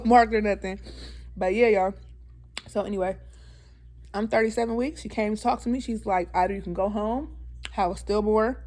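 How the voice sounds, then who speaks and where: A woman's voice: medium pitch, darkish tone. A woman telling a personal story to her viewers in a casual, earnest way, often slipping into emphatic preaching. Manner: earnest and talkative, often calls the viewers "y'all"; slips into preaching with emphatic repetition. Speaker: vlogger. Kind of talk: casual storytime chat to camera.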